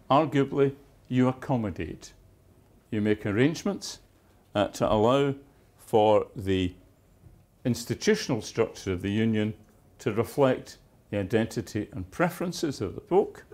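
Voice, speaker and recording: A man's voice: fairly low pitch, darkish tone. A man giving a university lecture, with dry, wry asides and emphatic stresses on key words. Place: lecture theatre.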